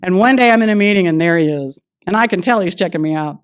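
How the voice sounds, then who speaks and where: A woman speaking at a recovery meeting, telling her personal story in a lively way and acting out the dialogue she recalls. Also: fairly low pitch, fast, clear, resonant tone. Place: meeting room.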